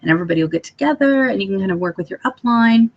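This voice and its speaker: Chatty, gravelly-voiced woman vlogger. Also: mid-range voice, animated, racing. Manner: bubbly and chatty, with filler ums and sudden playful voices. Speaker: sales consultant giving weekly training. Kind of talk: casual training vlog. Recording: dull lo-fi recording.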